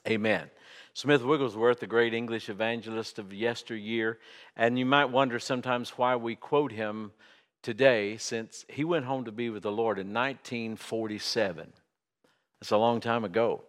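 A man's voice: medium pitch, fairly even intonation, moderate pace. A middle-aged or older man preaching a sermon as a pastor, folksy and conversational with humor and fillers. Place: church sanctuary. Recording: long hall reverb.

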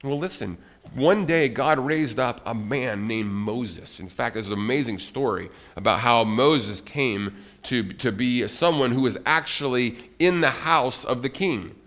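Animated man teaching a children's Bible lesson. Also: mid-range voice, measured pace, hardly any pauses. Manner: animated, asks the kids questions, calls them by name.

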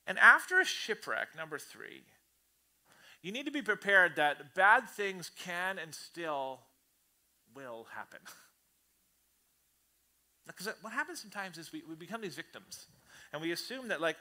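A man preaching a sermon to his church congregation in an animated, conversational way, often acting out the voices he quotes. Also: sits high, normal speed, pauses often. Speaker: pastor. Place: church service before a congregation.

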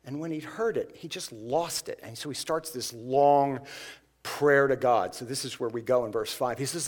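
A man's voice: mid-range voice, normal speed. A man preaching a sermon in a conversational way, acting out the voices of the people in the passage. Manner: conversational, acts out scripture voices. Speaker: pastor.

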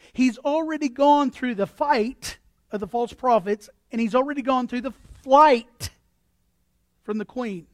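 A man preaching a sermon as pastor, animated, acting out voices and repeating words as he builds his points. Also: very high-pitched, dry recording, studio quality.

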